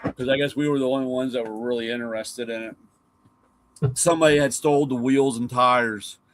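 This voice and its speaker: Middle-aged guy rambling thru old car stories on a live show, cusses, does his dad's voice, regular pitch. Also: fairly even intonation, normal speed, slight background noise. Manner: rambling anecdotes, swears, acts out his dad's lines. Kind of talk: casual storytelling on a live show.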